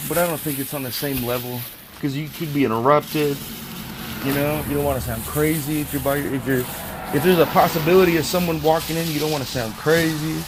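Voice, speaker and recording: A young man rambling casually on his own vlog, thinking out loud and swearing freely as he talks outdoors into a phone. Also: on the high side, brisk, background noise. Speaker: podcast host, delivery driver. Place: outdoors at home.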